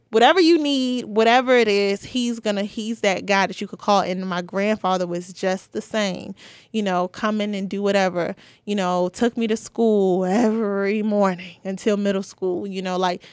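A woman's voice: medium pitch, smooth, no room sound. Chatty young woman, dry close sound. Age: 20s. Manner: chatty, candid, many "you know" and "like" fillers. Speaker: podcast host. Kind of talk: casual solo podcast talk.

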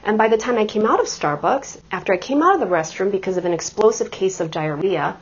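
A woman's voice: medium pitch, lively intonation, fast, slightly rough, lo-fi sound. A middle-aged woman preaching a sermon, telling personal stories with self-deprecating humor before turning to scripture. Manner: warm storytelling with self-deprecating humor and laughter.

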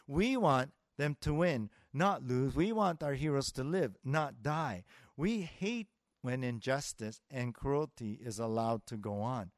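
A man's voice: mid-range voice, dry recording, studio quality. A man preaching a sermon as pastor, in a conversational way that acts out the voices he quotes. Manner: conversational, with filler words and restarts, acting out quoted voices.

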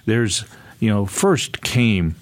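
A man's voice: fairly low pitch, expressive, slow pace, no echo. A man in his sixties, an author telling a casual, rambling story with frequent chuckles and restarts. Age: 60s. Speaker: author and guest speaker.

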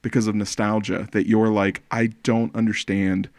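Playful low-voiced man in his forties. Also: level tone, normal speed, darkish tone, dry recording. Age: 40s. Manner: playful, teasing, talkative with filler restarts. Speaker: podcast host. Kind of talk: casual film podcast chat.

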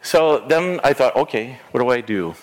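A man's voice: medium pitch, expressive, normal speed. A middle-aged man preaching a sermon as a pastor, earnest, repeating phrases and restarting words as he goes. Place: church sanctuary. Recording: long church reverb.

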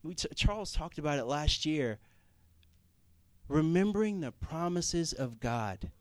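A man's voice: a little high, lively intonation, a little slow, no room sound. A young man preaching a sermon in a conversational way, rising to emphatic Scripture reading.

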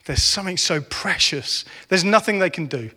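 A man's voice: high voice, expressive, moderate pace, pushed and bright, breathy edge. A man in his forties preaching a sermon, earnest and rising to impassioned. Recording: reverberant hall.

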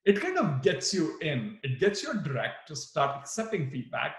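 A man's voice: on the high side, wildly swooping pitch, moderate pace, roomy sound. A man teaching a workshop for new managers, acting out example replies with big swings in his voice. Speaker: management trainer. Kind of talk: live workshop talk on management.

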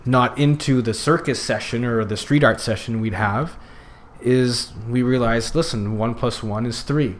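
A man who works in youth circus speaks a little slowly in a mid-range voice as a podcast guest. The conversation is relaxed and wandering, with many fillers and restarts.

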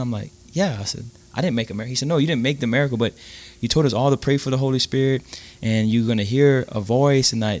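Animated man telling a story. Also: medium pitch. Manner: animated, halting with restarts. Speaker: podcast guest. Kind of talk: casual storytelling.

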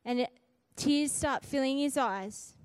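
A middle-aged woman preaching, telling a story in an animated, emphatic way and repeating key phrases for weight. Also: sits high, a little slow, dry recording. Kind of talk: storytelling sermon.

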